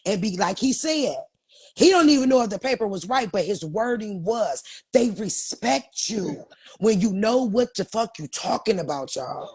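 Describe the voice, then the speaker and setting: A woman's voice: mid-range voice, animated, normal speed, darkish tone, husky. A woman hosting a live-stream chat, teaching her viewers in an emphatic, profane way and calling them y'all. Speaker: host.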